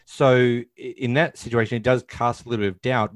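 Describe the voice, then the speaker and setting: A man's voice: mid-range voice, steady tone, a little fast, dry recording. A man co-hosting a casual film discussion, retelling scenes and acting out lines, with many fillers. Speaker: podcast co-host.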